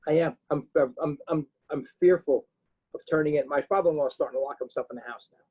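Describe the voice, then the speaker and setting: A man with a New Jersey accent telling a story in casual chat, profane and animated, acting out the people he quotes. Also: fairly high pitch, fast, slightly rough, highs cut off. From Bloomfield, New Jersey. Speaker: podcast guest.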